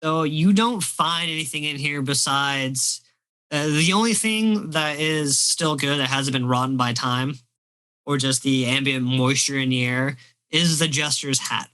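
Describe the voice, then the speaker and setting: A man running a tabletop game as game master, describing scenes in a relaxed storytelling way. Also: a little high, a little slow, clean tone, rough recording.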